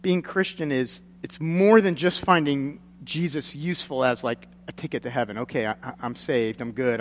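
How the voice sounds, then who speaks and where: A man's voice: mid-range voice, slight background noise. Man preaching in a reverberant church. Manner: earnest, builds to emphatic, tells folksy stories. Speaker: pastor. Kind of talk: sermon. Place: church sanctuary.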